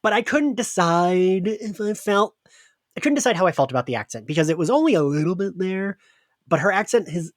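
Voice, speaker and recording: Musing man with a dry, higher voice. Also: a little fast, no echo. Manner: musing, self-correcting, animated. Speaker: podcast guest or host. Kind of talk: casual pop-culture chat.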